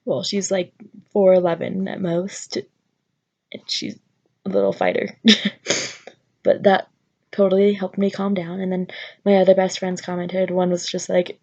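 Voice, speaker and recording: A young woman shares her story in a home vlog, nervous and rambling, circling back on herself with lots of fillers. Her voice has a gravelly fry at the ends of phrases, and the recording sounds dull and lo-fi. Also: on the low side, unhurried, pauses often, darkish tone. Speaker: vlogger.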